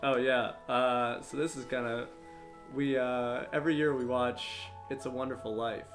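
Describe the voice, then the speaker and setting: A man's voice: medium pitch, fairly even intonation, normal speed, fairly bright tone. A young man casually chatting as a podcast co-host, loose and laid-back, swearing and doing bits. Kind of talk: casual chat. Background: guitar music.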